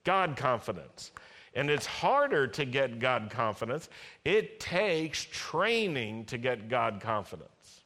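Bright-voiced, unhurried male preacher. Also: medium pitch. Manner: animated, acts out voices, has the congregation repeat lines. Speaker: pastor. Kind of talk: sermon.

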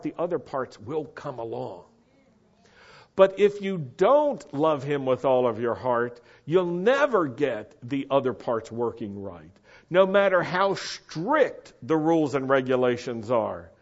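A man's voice: medium pitch, lo-fi sound. Earnest American man preaching. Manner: earnest, emphatic, slows down to stress key words. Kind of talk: sermon.

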